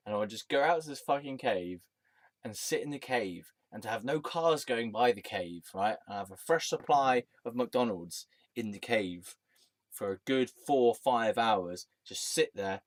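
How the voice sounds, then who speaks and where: A man's voice: medium pitch, a little slow, no room sound. A man telling a rambling, sweary personal story as a vlogger, often breaking into laughter.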